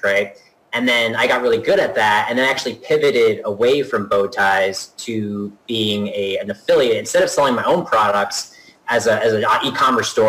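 Guy from new jersey, bright forceful voice, kinda low, rambles on about his work. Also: low-quality recording. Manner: chatty, rambling with fillers. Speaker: marketing professional introducing himself. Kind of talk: casual self-introduction.

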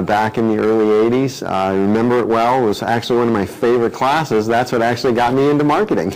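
A man's voice: medium pitch, rough recording. A man who manages a car dealership, introducing himself hesitantly with many fillers. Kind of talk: casual self-introduction.

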